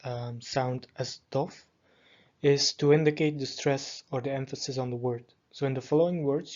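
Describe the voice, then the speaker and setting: Man, mid-pitched voice, language lesson, calm methodical explanation, slightly dull audio. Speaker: language teacher. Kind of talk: explaining pronunciation in a lesson video.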